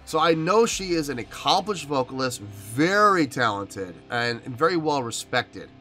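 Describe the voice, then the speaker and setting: A man's voice: on the high side, normal speed, fairly bright tone. A man hosting a music reaction video, talking earnestly and with emotion in a casual commentary style.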